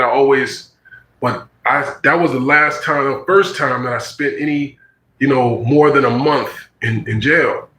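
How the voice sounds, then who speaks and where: A man's voice: mid-range voice, a little slow, sharp tone, reverberant, low-quality recording. A man in his forties telling a personal story in casual, slangy talk, acting out the voices he quotes.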